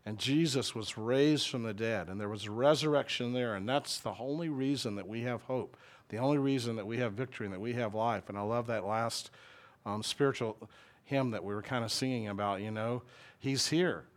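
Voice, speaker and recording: A man's voice: medium pitch, normal speed. A middle-aged man with a Southern US accent, a pastor preaching a conversational, folksy sermon and asking the congregation questions.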